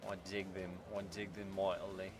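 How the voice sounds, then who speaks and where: A man's voice: low voice, completely flat delivery, normal speed. A man giving casual commentary while playing a strategy game, muttering to himself wryly with sudden exasperated outbursts. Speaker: strategy game let's-player. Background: game music.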